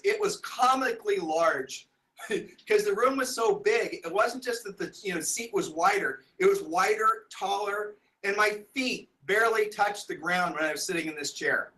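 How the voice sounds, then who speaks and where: Brief: man, high bright voice, rambling storyteller addressing a crowd. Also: rough recording. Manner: rambling, animated, many restarts. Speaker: speaker telling a sales story. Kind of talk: storytelling talk to an audience.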